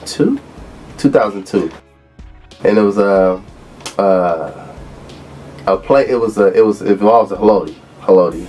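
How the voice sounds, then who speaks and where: A man in his thirties from Los Angeles, a former college football player, relaxed as he tells stories in an interview. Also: fairly low pitch. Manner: relaxed storyteller who acts out quotes. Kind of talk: interview reminiscing.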